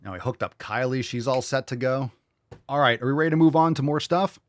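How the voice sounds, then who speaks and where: A man's voice: mid-range voice, no room sound, studio quality. A young man hosting a live podcast, joking and irreverent as he answers viewer questions. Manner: joking, irreverent, quick asides and put-on voices. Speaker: podcast host.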